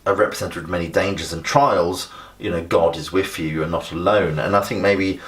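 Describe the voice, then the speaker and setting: A man's voice: sits low, fairly even intonation, brisk, fairly bright tone. A middle-aged man teaching English literature in a conversational revision lesson, with frequent fillers and restarts.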